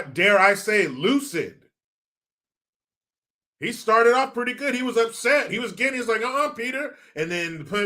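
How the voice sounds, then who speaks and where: A man hosts a live commentary stream and answers chat comments with a mock-serious, sarcastic edge. His voice sits a bit high and sounds bright and forceful. He swears casually as he talks. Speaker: host reading live chat.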